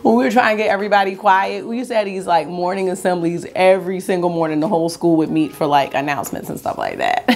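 A woman beauty vlogger chatting casually and excitedly to her viewers while doing her makeup. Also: fairly low pitch, quick pace. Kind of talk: casual makeup tutorial chat.

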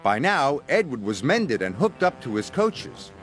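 A man reading a children's story aloud as narrator, expressive and dramatic. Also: unhurried. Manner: expressive, shifting pitch for drama. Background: music.

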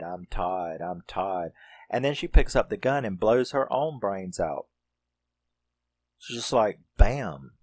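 A man's voice: lowish voice, darkish tone, no room sound. A man casually reviewing a horror film, rambling, swearing and acting out characters' lines.

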